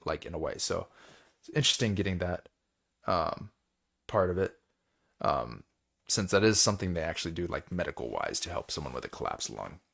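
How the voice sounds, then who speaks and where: Tired host, low voice, rambling casual recap, yawns, slips into quick character voices. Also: male voice, big pitch swings, gravelly, a bit bright, husky. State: tired, yawning. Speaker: book club host. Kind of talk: casual book chapter recap.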